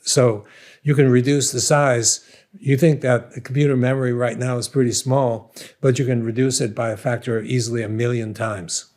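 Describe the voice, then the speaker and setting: A man's voice: medium pitch, steady tone, normal speed, darkish tone. An older man with a Brooklyn accent, a scientist guest talking through ideas in an interview, thoughtful and self-deprecating. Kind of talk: conversational interview.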